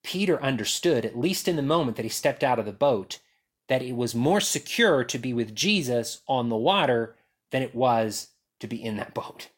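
A man preaching a sermon, acting out quoted voices and dropping to a hush at key lines. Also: mid-range voice, moderate pace, slightly rough. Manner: animated, acts out quotes and swings from loud to hushed. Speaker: pastor.

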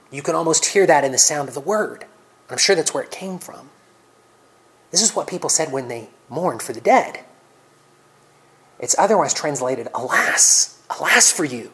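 Earnest male preacher delivering a sermon; swings between ringing scripture reading and hushed, whispered asides. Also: on the high side, poor audio.

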